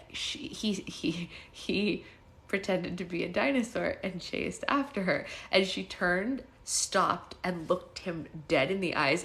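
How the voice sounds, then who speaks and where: A chatty woman hosting a morning book-club livestream on her phone, talking straight to viewers between reading passages. Her voice sits a little low for a woman, and she laughs easily and drops into quick playful impressions. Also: a bit bright. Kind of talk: casual live-stream chat and read-aloud.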